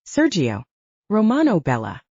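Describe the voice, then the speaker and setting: A woman voicing a big, loud, jovial middle-aged Italian restaurant owner with an Italian accent, effusive and theatrical. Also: medium pitch, wildly swooping pitch, measured pace, breathy edge, no echo, heavily acted. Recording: dull dry audiobook recording.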